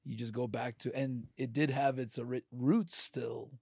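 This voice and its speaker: A man's voice: medium pitch, steady tone, moderate pace, slightly rough, dry recording, studio quality. A man from Ukraine talking in a loose, rambling podcast chat, full of fillers. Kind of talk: casual chat.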